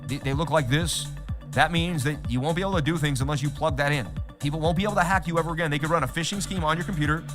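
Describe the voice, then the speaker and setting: A man's voice: a little high, quick pace, music in the background. Rambling man hosting a trading livestream. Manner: rambling, repetitive, chatty. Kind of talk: casual livestream chat.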